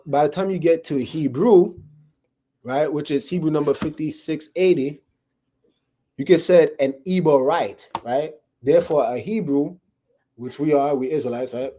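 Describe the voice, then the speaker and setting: A man with a slightly high, dark-toned voice teaches from the Bible to a small group in a room. His sermon is casual and conversational, and he checks in with the listeners often, repeatedly asking "right?"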